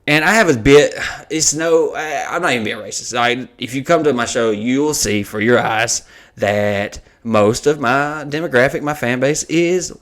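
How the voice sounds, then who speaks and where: A man, a comedian and podcast host, telling a profane, animated story in casual chat. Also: mid-range voice, normal speed.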